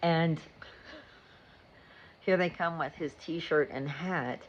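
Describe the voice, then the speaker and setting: Deep-voiced woman, chatty mom, rambling vlog talk, faint background noise. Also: slow, muffled recording. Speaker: mother and vlogger. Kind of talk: casual chat.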